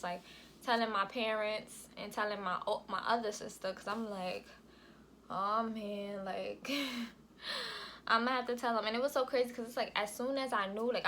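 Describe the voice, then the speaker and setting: A woman's voice: on the high side, bright, forceful tone, slight background noise. A young woman vlogger telling a casual storytime, slangy and swearing freely, acting out every line of dialogue. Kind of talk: storytime vlog, casual chat.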